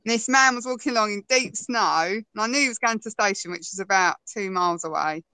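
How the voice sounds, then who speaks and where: Bright, chatty woman. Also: medium pitch, fast talker, clear, resonant tone, dry recording, low-quality recording. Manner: chatty storyteller, laughs often. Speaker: guest. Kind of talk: casual conversation.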